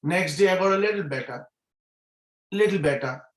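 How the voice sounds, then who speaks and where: A man's voice: sits high, normal speed, a bit bright, reverberant, poor audio. A middle-aged man speaking as a guest at a business meeting over a video call, earnest and repeating key phrases for emphasis. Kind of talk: motivational talk on a video call.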